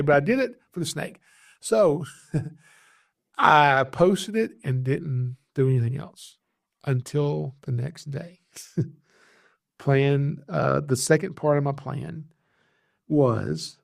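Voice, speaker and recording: A man, hosting a podcast and telling a story in a casual, animated way, laughing at himself often. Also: fairly high pitch, gravelly. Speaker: podcast host, reptile rescuer.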